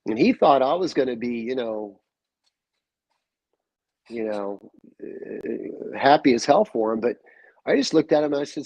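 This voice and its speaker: A man's voice: medium pitch, a little slow, pauses often, dry recording, muffled recording. A man talking casually as a guest, telling stories and acting out the quoted back-and-forth. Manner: animated storyteller, acts out quoted dialogue. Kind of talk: casual chat. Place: call-in or remote line.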